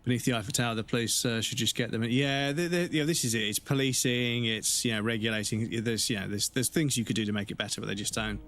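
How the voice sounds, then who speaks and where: A man's voice: medium pitch, fairly even intonation, fast talker, hardly any pauses, fairly bright tone. A man chatting casually as a streamer, rambling and swearing freely. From England. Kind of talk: casual chat with viewers.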